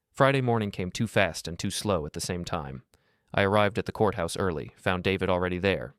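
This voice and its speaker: A man narrating a first-person story in a measured, earnest way. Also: low voice, animated, clean tone, no room sound, clean studio sound.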